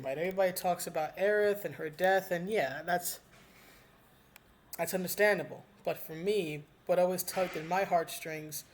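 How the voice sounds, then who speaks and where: A solo video commentator speaks with heartfelt earnestness. The delivery rambles and stumbles, with repeated words, restarts and frequent fillers, at an ordinary middle pitch. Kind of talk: casual spoken commentary.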